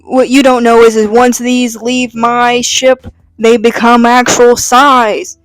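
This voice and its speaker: A woman's voice: on the high side, flat delivery, slow pace, dry recording, faint music behind, low-quality recording. Brainiac gloating, as a woman puts him on. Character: gloating villainous alien machine.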